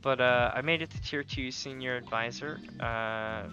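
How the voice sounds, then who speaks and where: A man's voice: medium pitch, normal speed, lo-fi sound, over music. A man streaming a game live, chatting casually and telling rambling stories with jokey asides. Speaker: gaming streamer. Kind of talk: casual livestream chat while gaming.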